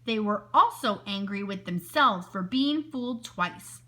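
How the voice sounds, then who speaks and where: Bright, expressive woman teacher reading aloud. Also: medium pitch, a little slow. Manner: expressive, asks the listeners questions. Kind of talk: reading a picture book aloud to children.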